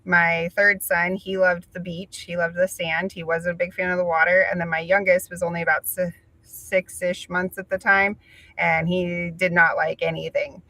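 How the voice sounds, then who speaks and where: A woman's voice: fairly low pitch, little pitch movement, moderate pace, pushed and bright, dry recording, rough recording. A woman hosting an interview, talking casually and chattily with lots of fillers. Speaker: podcast host.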